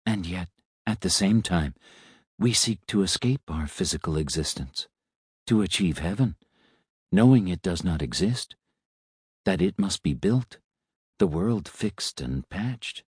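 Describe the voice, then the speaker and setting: A gentle, sorrowful old robot, as a man reads him aloud speaks softly and slowly in a deep voice. His quiet words come dry and close, with lifting, shifting pitch. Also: animated, slightly rough, no room sound, full character voice. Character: old gentle male robot, soft-spoken, sad.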